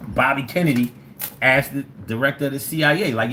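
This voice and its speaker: A livestream host reading chat comments and rambling, animated and profane, with many restarts. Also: mid-range voice, fairly quick, background noise. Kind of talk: casual livestream talk.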